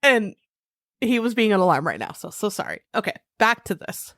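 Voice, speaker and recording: A woman podcast co-host telling playful stories in casual chat. Her pitch swings widely as she talks. She is recorded close and dry. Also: normal speed, no room sound. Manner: animated, playful storytelling.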